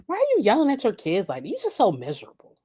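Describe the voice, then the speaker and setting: A woman with a mid-range, dark, slightly rough voice talks fast, her pitch swooping wildly. Hosting a late-night live reaction stream from home, she's blunt and profane and laughs at her own jokes.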